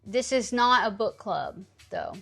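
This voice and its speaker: A woman's voice: medium pitch, wildly swooping pitch, measured pace, gravelly, fairly bright tone, soft background music. A woman in her thirties streaming live, chatting casually and teasing her chat, swearing freely.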